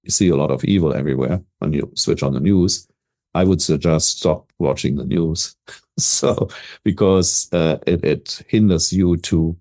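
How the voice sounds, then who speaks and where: An older man from Germany with a German accent, talking as a business coach in an interview, self-assured and energetic, often repeating words as he starts a thought. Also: deep voice. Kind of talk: casual interview talk.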